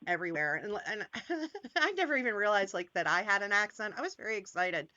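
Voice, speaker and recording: A woman's voice: medium pitch, lively intonation, brisk, sharp tone, dry recording, muffled recording. A woman from Maryland hosting a channel, chatting casually, rambling and laughing a lot. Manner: laughing, rambling, self-interrupting. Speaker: channel host. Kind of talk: casual chat.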